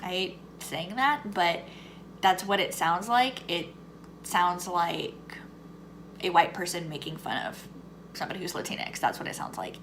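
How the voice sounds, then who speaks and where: A young woman with a faint Southern US accent talks candidly in a casual book review vlog, getting heated when she rants. Her voice is medium-pitched and a bit bright, with a lawnmower faintly audible in the background.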